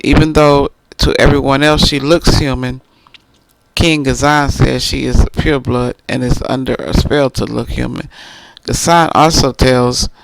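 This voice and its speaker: A man walks through a book's plot in a relaxed, rambling way, catching himself mid-name and starting over. His voice has a gravelly edge. The sound is dry and close, with no room around it. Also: mid-range voice, no echo, rough recording. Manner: rambling, restarts and corrects names. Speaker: book reviewer. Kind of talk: casual plot recap.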